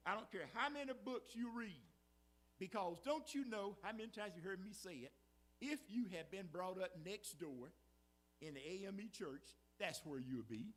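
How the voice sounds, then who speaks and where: Pastor, animated high-pitched sermon delivery, call-and-response style. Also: male voice, normal speed. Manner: preaching with call-and-response asides, repetitive emphasis. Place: church sanctuary.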